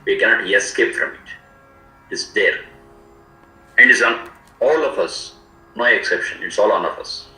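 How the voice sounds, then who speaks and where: A man teaching a scripture, explaining each word slowly and repeating its meanings. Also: lowish voice, bright, forceful tone, reverberant, rough recording. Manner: slow, repetitive word-by-word explanation. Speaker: Vedic teacher. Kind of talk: explanatory lecture.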